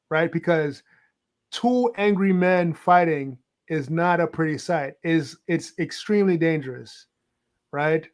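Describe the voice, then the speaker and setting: A man co-hosts a casual opinion show and keeps dropping "right?" and "like" as he talks. His voice is high for a man. He sounds hesitant and stacks up fillers. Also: a little slow.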